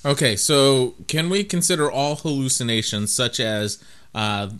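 A man's voice: medium pitch, lively intonation, a little slow, a bit bright, clear, resonant tone. A man hosting a podcast in casual chat, rambling and joking at his own expense. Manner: rambling, self-mocking, jokey. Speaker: podcast host.

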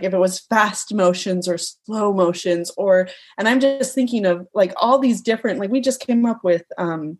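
A woman's voice: medium pitch, a little mellow. A young woman in casual conversation, heartfelt and emotional, hesitating with many ums.

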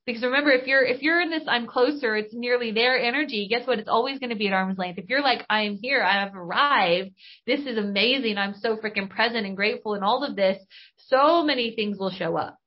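A woman's voice: on the high side, fairly quick. A woman hosting a podcast and giving an enthusiastic spiritual coaching talk, casual and bubbly with mild slang. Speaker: podcast host and business coach. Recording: dull lo-fi recording.

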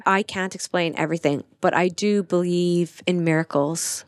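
Woman telling her story, kinda low voice, dry close sound, says like a lot. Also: moderate pace, no room sound. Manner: earnest, animated retelling with frequent "like" fillers. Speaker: podcast guest. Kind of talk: personal storytelling in conversation.

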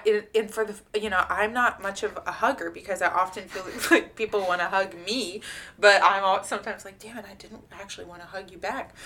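A woman's voice: mid-range voice, sharp tone. A woman co-hosting a podcast, telling a personal story in a casual, heartfelt way with many fillers and some swearing. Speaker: podcast co-host.

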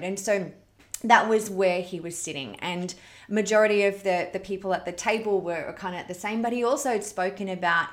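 A woman hosting a parenting challenge, telling a story to her online audience in an earnest, heartfelt, conversational way. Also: fairly low pitch.

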